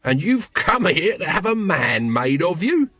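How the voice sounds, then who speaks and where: A man's voice: sits high, sing-song, measured pace, sharp tone, dry recording, voice pushed up, heavily acted. A man doing a shifty, cynical old watchman. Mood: cynical, evasive. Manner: mumbling, rambling and evasive. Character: shifty seasoned male watchman, lazy and cynical.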